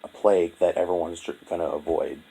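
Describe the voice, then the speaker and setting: A young man telling a painful personal story in a halting, profane, heavy-hearted monologue. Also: low-pitched, steady tone, vocal fry, mellow, slightly rough, low-quality recording. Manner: halting, profane, full of restarts and fillers. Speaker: vlogger.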